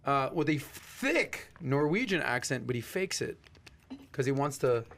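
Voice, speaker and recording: A man co-hosting a podcast, playful and animated in conversation. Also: mid-range voice, unhurried. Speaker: co-host.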